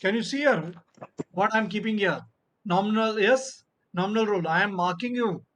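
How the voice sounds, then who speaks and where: A man's voice: high voice, normal speed, fairly bright tone. A man teaching a class online, encouraging and praising his students often while explaining the lesson. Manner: encouraging, repeats praise and "you know"; firm about turn-taking. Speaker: English teacher.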